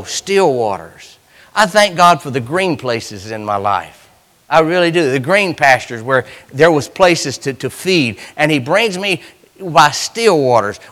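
A man delivers a sermon with folksy Southern turns of phrase, alternating between loud, fervent passages and quiet, drawn-out ones. His voice sits a little high.

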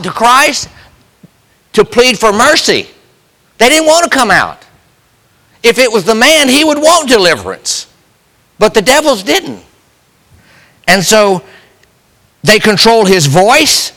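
A man's voice: sits high, very animated, a little slow, pauses often, pushed and bright. A man preaching a sermon with passion, putting rhetorical questions to the congregation. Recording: long hall reverb.

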